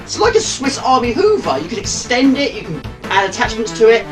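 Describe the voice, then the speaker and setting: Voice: medium pitch, wildly swooping pitch, brisk, hardly any pauses, over music, low-quality recording. A vlogger talking casually to camera in a chatty, rambling, enthusiastic way. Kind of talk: casual vlog chat.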